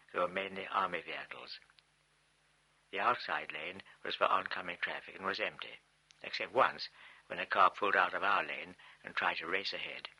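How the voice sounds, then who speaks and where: Man, audiobook memoir narration, low pitch, bright sharp edge, husky, measured and reflective. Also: poor audio. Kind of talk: first-person memoir narration.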